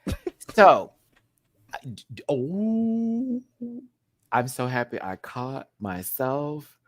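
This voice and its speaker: A man's voice: medium pitch, very animated, slow pace, no room sound. A man hosting a live show recap, chatting casually with lots of laughs and gossipy asides. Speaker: host.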